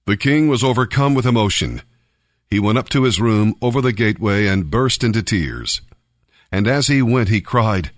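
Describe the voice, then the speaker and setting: A man reading a Bible passage aloud as scripted narration, in a measured, even way. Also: lowish voice, no room sound, clean studio sound. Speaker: Bible reader.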